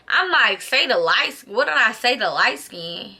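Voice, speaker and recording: A young woman telling a storytime vlog in casual chat, animated and profane, leaning on "like" and acting out quoted lines with big pitch jumps. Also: normal speed, hardly any pauses. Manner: animated, profane, heavy use of "like". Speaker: vlogger.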